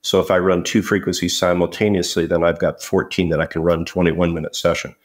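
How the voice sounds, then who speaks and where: Deep-voiced man telling stories. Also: little pitch movement, a little fast. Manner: storytelling, repeats words, casual. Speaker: company founder guest. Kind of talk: conversational interview.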